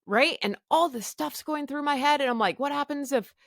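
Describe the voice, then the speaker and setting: A woman's voice: sits high, normal speed, a bit bright, dry recording, studio quality. Candid middle-aged woman telling her story. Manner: candid, emotional, swears freely, acts out her thoughts. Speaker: podcast host. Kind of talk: personal storytelling.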